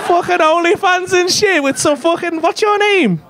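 A male stand-up comedian, doing loud, sweary crowd work with the front row in a comedy club. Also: extremely high pitch, moderate pace. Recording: live club recording with crowd noise. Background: laughing audience.

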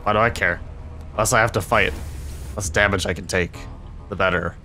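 A man's voice: low-pitched, fairly even intonation, normal speed, bright, forceful tone, soft background music. A young man commentating a video game he is playing, sarcastic and swearing a lot in frustrated outbursts. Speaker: let's play gamer.

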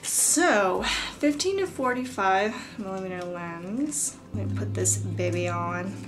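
A woman's voice: medium pitch, slow pace. A young woman vlogging at home, gushing breathlessly with lots of "like" as she unboxes a camera. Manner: gushing, breathless, filler-heavy ("like"). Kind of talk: casual vlog, unboxing a camera. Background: music playing.

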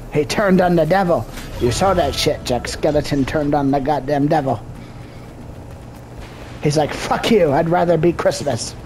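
A man with a high, gravelly voice rants through his gameplay. He swears at almost every turn, complaining loudly about what happens on screen. Faint music plays behind him. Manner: ranting, swearing constantly. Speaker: gamer. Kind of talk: profane gameplay commentary.

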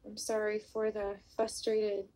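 On a casual live stream for her vlog, a woman greets viewers by name and reads their comments aloud, speaking softly and apologetically about her mood disorder. Her mid-range voice is monotone and unhurried, captured on a phone or webcam mic with poor audio.

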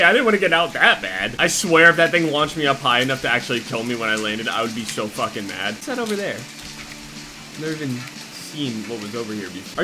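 A young man commentating a horror survival game, panicky and swearing, yelling at the game as he plays. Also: a little high, big pitch swings, a little fast. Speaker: gameplay streamer. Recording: loud game music behind the voice.

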